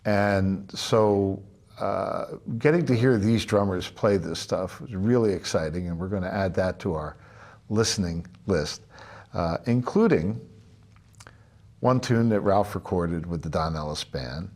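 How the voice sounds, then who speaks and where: Very low-voiced man teaching drums. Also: unhurried. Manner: relaxed, chatty, many filler "uh"s. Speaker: drum instructor. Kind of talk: spoken music lesson.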